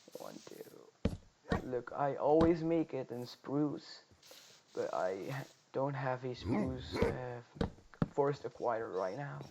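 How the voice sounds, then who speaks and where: Male gamer, casual commentary, slow and lilting, half-whispered counting, loud noisy recording. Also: mid-range voice, gravelly. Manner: mutters and counts to himself, often drops to a half-whisper. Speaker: gameplay streamer. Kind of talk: casual let's-play commentary. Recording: loud background noise.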